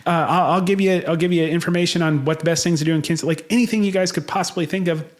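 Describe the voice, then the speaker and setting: A man's voice: fairly high pitch, steady tone, fast talker. Blunt, profane American man co-hosting. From United States. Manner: blunt, profane, gets fired up. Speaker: podcast co-host. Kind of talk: casual chat.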